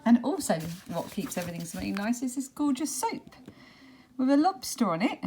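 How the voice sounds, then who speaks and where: A woman's voice: on the high side, very animated, normal speed, mellow, a little hiss or hum. A British woman vlogging at home, chatting casually to the camera and rambling with frequent laughs. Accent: British English. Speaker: craft vlogger. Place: home, bedroom and bathroom.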